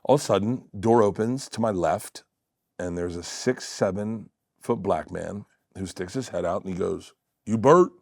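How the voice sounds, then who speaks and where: A middle-aged man telling a long funny story as a guest on a talk show, acting out the other people's voices and laughing loudly. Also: low voice, normal speed, vocal fry, no echo, studio quality. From Florida. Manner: acts out quoted voices, loud bursts of laughter. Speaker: comedian guest.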